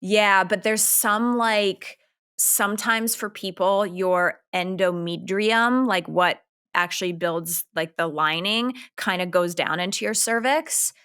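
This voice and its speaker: A woman's voice: mid-range voice, slow pace, a bit bright, clear, resonant tone. A woman in her thirties with a Canadian accent, co-hosting a podcast in a candid, rambling casual chat full of filler words. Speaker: podcast co-host.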